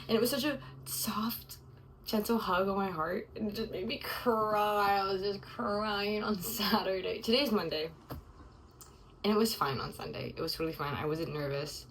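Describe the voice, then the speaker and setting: A woman's voice: on the low side, normal speed, recorded from a distance, background noise. A young woman sharing a casual, confessional video diary, emotional and rambling, her thoughts full of "like". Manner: emotional, rambling, heavy use of "like". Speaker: vlogger.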